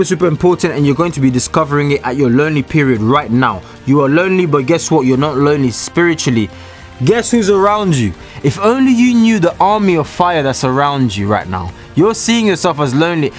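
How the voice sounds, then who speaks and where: A man giving a preachy motivational talk to camera from a small room, alone, emphatic and repetitive as he addresses the viewers directly. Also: a little high. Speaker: Christian motivational speaker.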